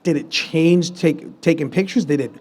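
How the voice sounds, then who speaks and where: Animated man telling stories onstage. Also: fairly high pitch, normal speed. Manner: animated storytelling, acts out quoted dialogue; loose, restarts mid-sentence. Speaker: guest musician and producer. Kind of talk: live podcast conversation. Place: live stage with an audience.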